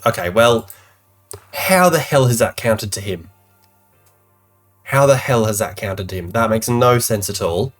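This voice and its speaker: A man giving live commentary on his own football management game, calling plays and venting frustration as he goes. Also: medium pitch. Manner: animated, exasperated play-by-play commentary. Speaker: gaming YouTuber.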